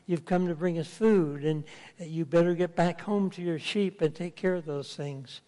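A man's voice: on the high side, moderate pace, dark tone, lightly acted. A man voicing scornful older brothers who taunt their little brother, in a mocking tone. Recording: long hall reverb.

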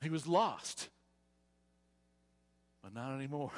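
A man voicing an overjoyed father who calls out loud orders to his household, in a sermon with long church reverb. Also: mid-range voice, animated, slow pace. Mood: joyful, commanding. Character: overjoyed father shouting welcome to returned son.

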